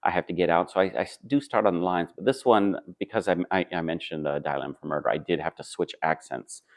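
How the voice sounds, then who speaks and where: A man with a very low voice talks casually about stage work in an interview. He is thoughtful and halting, pausing on fillers and restarting his sentences as he answers. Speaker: stage actor.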